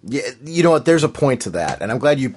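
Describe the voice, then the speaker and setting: Lively husky-voiced man chatting. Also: mid-range voice, fast talker. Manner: emphatic, enthusiastic, repeats points. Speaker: podcast co-host. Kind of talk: casual podcast chat.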